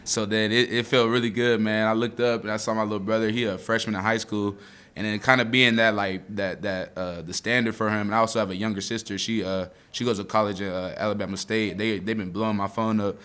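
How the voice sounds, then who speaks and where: A man's voice: on the low side, flat delivery, fast, fairly bright tone, clean tone. A young man in his twenties, a college football player, talking after a game in a casual, heartfelt way, choked up and near tears, often saying "man". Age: 20s. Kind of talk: emotional postgame interview.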